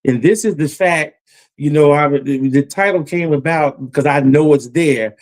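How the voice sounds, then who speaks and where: A man's voice: on the high side, moderate pace. A man preaching a Bible lesson about judgment, emphatic and repetitive, his voice climbing as he warns. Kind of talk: Bible teaching sermon.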